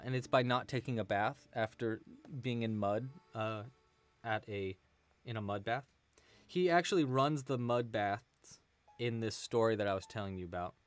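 A man hosting a live crochet tutorial stream, chatting casually, thanking donors and answering the chat. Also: mid-range voice. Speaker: crochet livestream host.

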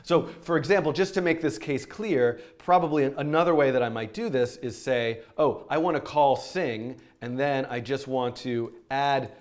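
A man's voice: medium pitch, moderate pace, hardly any pauses. A man teaching programming on a live stream, chatty and self-interrupting, with frequent fillers and laughs. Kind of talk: live-streamed coding tutorial.

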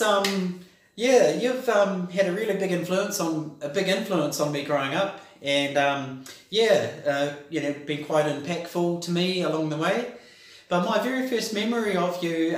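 A man with a New Zealand accent giving a rambling, hesitant birthday tribute to his sister, full of ums. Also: fairly high pitch. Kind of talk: casual spoken birthday message. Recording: very echoey room.

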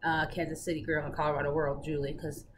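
A woman's voice: low voice, flat delivery, fast. A young woman hosts a casual stitching update from her living room. She talks like a storyteller and laughs often. A faint hum sits underneath her voice. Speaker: flosstube host. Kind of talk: casual chat.

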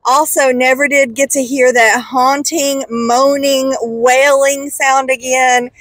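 Brief: woman vlogger, casual, exclaiming, talking from a car at night, bright high pitch. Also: slow pace, no room sound, rough recording. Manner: excitable, exclaiming. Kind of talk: casual vlog chat.

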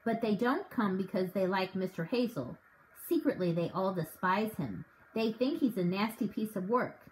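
A woman's voice: mid-range voice, moderate pace, a little hiss or hum, voice pushed down, natural voice, poor audio. A woman reading as an eager scheming dad. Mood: explaining. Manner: conspiratorial, grows excited. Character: warm scheming father with a broken leg.

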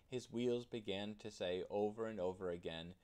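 A man narrating a children's storybook in an expressive storytelling manner. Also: lowish voice, normal speed. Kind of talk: children's storybook read-aloud.

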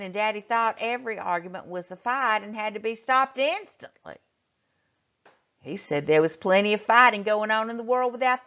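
A woman teacher reading a chapter book aloud to children, expressively, and pausing to ask them questions. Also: mid-range voice, a bit bright. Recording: muffled lo-fi recording.

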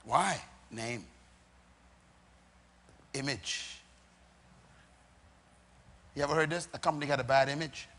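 A middle-aged man preaching a sermon to a congregation, emphatic, with repeated lines and dramatic pauses. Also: medium pitch, fairly bright tone. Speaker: pastor.

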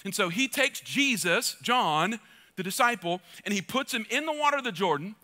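A middle-aged man preaching a sermon as pastor, urging his congregation passionately and repeating phrases for emphasis, swinging between loud calls and soft asides. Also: sits high, expressive, normal speed.

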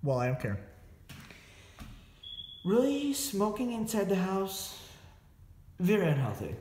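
A man's voice: high-pitched, huge pitch swings, slow pace, darkish tone, echoey room, slight background noise. Breathless man exploring an abandoned house. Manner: rambling, corrects himself often. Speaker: urban explorer vlogger. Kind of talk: casual walkthrough narration. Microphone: phone held while filming.

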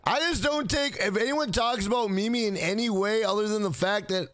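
A man's voice: sits high, fairly quick, fairly bright tone, no room sound. A man streaming a game, chatting casually with his viewers in a joking, profane way. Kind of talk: casual gaming livestream chat.

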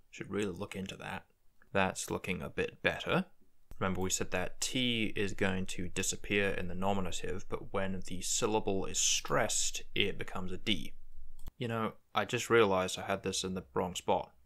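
A man's voice: deep voice, steady tone, moderate pace, creaky, a bit bright. A man hosting a language-building tutorial, thinking aloud as he works through word forms. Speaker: conlang video host. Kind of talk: screen-recorded tutorial narration.

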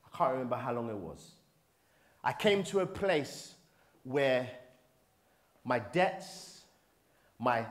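A middle-aged man preaching a passionate sermon to a men's gathering, dropping low and quiet, then rising to shouts.

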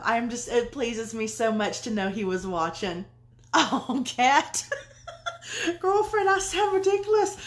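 A woman's voice: fairly low pitch, fairly bright tone. Woman, middle-aged, Southern US accent, reads her own book aloud, chats live with viewers, effusive, swears a lot. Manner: effusive and chatty, swears freely. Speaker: author.

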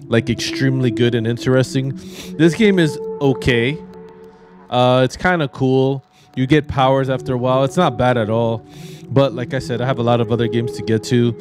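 A man giving casual, rambling gameplay commentary as a YouTuber, easily exasperated and laughing often. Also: mid-range voice. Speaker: gaming YouTuber. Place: home room with white background.

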